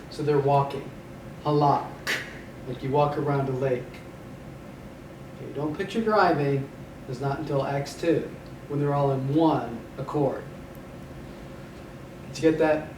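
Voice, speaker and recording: A man's voice: fairly high pitch, a little mellow. A man teaching Hebrew vocabulary in a recorded lecture, repeating each word for drilling and slipping in dry puns. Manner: dry punning humor, drills words by repeating them. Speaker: Hebrew instructor. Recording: echoey room, mic at a distance, faint background noise.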